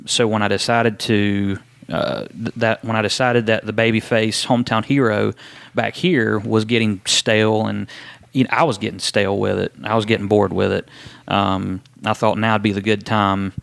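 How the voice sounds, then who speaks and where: A man, a wrestler telling his story in a casual interview, relaxed and rambling with many ums and restarts. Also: on the low side, normal speed, vocal fry, dry recording. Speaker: wrestler guest.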